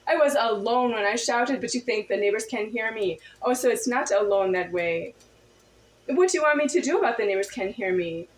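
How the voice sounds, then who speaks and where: A woman's voice: fairly high pitch, reverberant, rough recording. A woman in a confrontational monologue to camera, firing off insistent, repetitive rhetorical questions.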